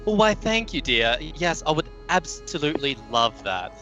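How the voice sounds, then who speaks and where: A man's voice: a little high, expressive, a little slow, bright, forceful tone, lo-fi sound, faint music behind. A man playing a pompous noble impostor, speaking in a posh, airy voice. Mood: gracious.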